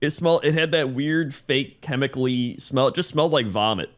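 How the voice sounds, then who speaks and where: A man's voice: medium pitch, fairly quick, a bit bright. A man co-hosting a podcast in casual chat, telling a rambling story and chuckling often. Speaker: podcast co-host.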